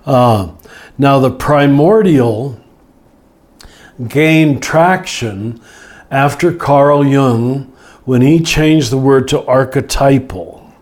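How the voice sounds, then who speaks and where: An older man, a Catholic teacher and author, explaining ideas slowly and reflectively, often restarting and listing words. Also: medium pitch, a little mellow. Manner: slow, reflective, with frequent restarts and lists. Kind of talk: relaxed spoken teaching in conversation.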